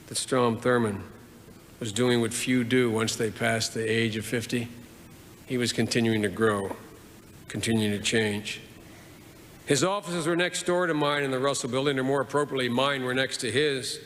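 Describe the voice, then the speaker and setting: A man's voice: medium pitch, a bit bright. A man in his sixties delivering a formal eulogy as a senator, earnest and building his points with repeated phrases. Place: large funeral hall. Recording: long hall reverb, faint noise.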